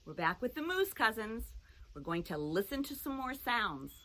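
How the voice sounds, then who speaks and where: A woman teaching a children's phonics lesson, talking in a slow, sing-song, encouraging way. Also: on the high side, very animated, pushed and bright.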